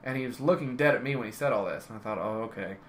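A man's voice: lowish voice, racing, fairly bright tone, a little hiss or hum. A man telling rambling wrestling stories in casual conversation, often correcting himself. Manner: rambling, self-correcting anecdotes. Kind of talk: casual storytelling.

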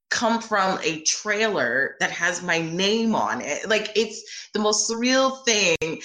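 A bubbly woman tells stories from a film set, with a bright, lively voice. She laughs often and slips into quoted voices. Her voice rings with a roomy echo. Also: medium pitch. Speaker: actress interviewed about her film debut. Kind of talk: animated anecdotal storytelling.

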